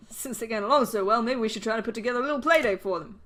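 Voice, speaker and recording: A woman's voice: a little high, rapid-fire, a bit bright. A young woman playing a game, reading out every character's lines and joking between them. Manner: playful, voices every character in the dialogue and jokes between lines. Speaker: let's player. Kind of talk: reading a game's dialogue aloud.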